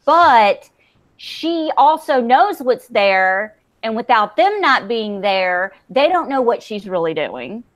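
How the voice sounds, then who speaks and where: A woman from the Southern US with a Southern accent, talking in a blunt, animated way and swearing freely in a casual recap chat. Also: a little high, slow. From Southern United States.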